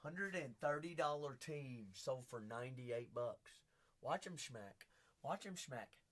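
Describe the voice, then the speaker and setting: Male live-stream card break host, standing, unhurried delivery, big swings into shouted hype. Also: medium pitch, lively intonation, heavy background noise. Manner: hype-driven, bursts into shouts; chatty, teasing viewers by name. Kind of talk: live-stream auction patter.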